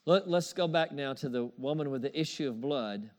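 This pastor has a medium-pitched voice and speaks at a normal speed. His sermon is emphatic and repetitive, and he calls out for amens and chuckles along the way.

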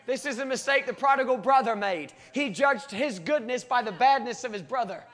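Man preaching a sermon, very high pitch; builds to loud, stretched-out calls, then falls back low. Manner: rises to loud, drawn-out cries, then drops low.

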